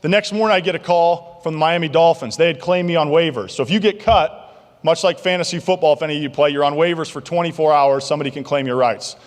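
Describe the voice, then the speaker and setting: Guy giving a keynote, fairly high voice, animated and jokey, long echo off a big banquet hall. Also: fast. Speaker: keynote speaker. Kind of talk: motivational keynote storytelling. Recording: long reverb of a large hall.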